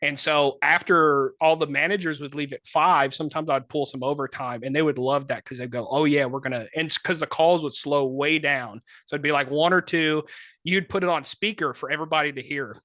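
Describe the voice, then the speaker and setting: A man co-hosting a podcast, telling casual, animated stories full of "like" and put-on voices. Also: fairly high pitch, fairly quick, no room sound. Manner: animated, filler-heavy anecdotes with many put-on voices. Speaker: podcast co-host. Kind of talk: casual storytelling chat.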